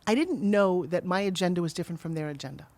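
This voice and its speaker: A middle-aged woman telling her story as a guest on an interview podcast, animated and acting out the quotes. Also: lowish voice, no echo. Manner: fast, animated storyteller who acts out quotes. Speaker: guest, TV pitch saleswoman.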